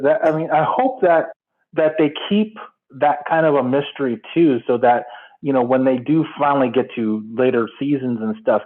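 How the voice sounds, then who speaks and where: A man calling in to a fan show, talking casually and rambling with many fillers. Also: mid-range voice. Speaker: caller. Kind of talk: casual phone-in chat. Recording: tinny phone line.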